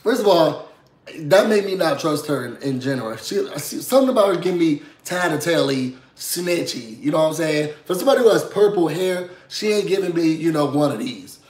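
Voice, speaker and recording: Hoarse, sassy man recapping reality TV. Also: on the high side, expressive, brisk, a little mellow, roomy sound. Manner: chatty, sassy, asks "you know what I'm saying?". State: hoarse, under the weather. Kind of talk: casual recap commentary.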